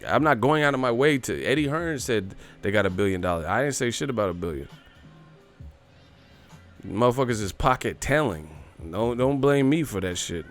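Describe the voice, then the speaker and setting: A man hosting a boxing livestream in a loose, ranting style, cursing freely and laughing at the people he mocks. His voice sits at an ordinary male pitch. Faint music plays behind him. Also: animated, moderate pace. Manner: profane, mocking, laughs often. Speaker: boxing show host. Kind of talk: casual ranting livestream talk.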